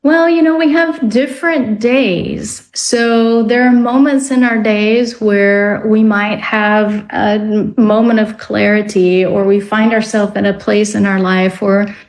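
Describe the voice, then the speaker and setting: Thoughtful woman explaining dreams slowly. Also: medium pitch, steady tone, low-quality recording. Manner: reflective, explanatory, with slow drawn-out words. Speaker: guest author on dreams. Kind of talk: radio interview.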